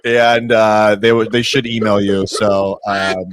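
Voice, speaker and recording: A man hosting a live trading stream in casual chat, excitable and swearing, calling out names like a race announcer. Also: on the low side, slow, slight background noise.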